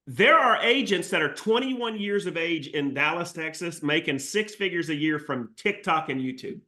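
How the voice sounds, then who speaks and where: Energetic man coaching agents. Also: a little high, moderate pace, hardly any pauses. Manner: energetic, jokey, salesy pep talk. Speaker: real estate trainer. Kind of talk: live training webinar.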